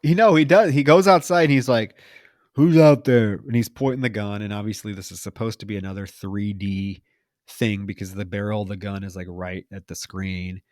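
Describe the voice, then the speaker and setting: Lively low-voiced man recapping a film. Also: a little fast, no room sound, clean studio sound. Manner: animated retelling, quoting characters. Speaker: podcast co-host. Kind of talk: casual film recap chat.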